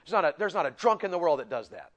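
A middle-aged man preaching a sermon to men, swinging between loud and soft and acting out voices. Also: fairly high pitch, very animated, racing.

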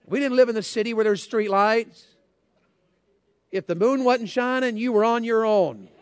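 A man's voice: very high voice, normal speed, clean tone, dry recording. A man preaching a sermon, telling a folksy, joking story and addressing the crowd directly.

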